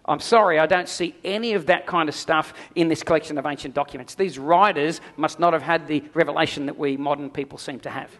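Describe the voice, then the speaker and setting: A man's voice: on the high side, brisk, few pauses, a bit bright. A middle-aged man preaching a sermon as pastor, emphatic, with repeated phrases and prayerful asides.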